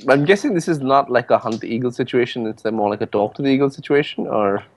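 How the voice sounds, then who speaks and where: A man's voice: medium pitch, fast talker. A man playing a tabletop game, musing and hesitant in casual talk. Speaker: player.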